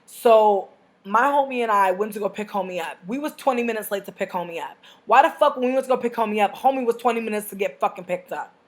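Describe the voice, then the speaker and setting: A young woman telling a story to camera as a vlogger, brash and profane, with big animated swings in her delivery. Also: medium pitch, fast talker. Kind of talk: casual storytime rant.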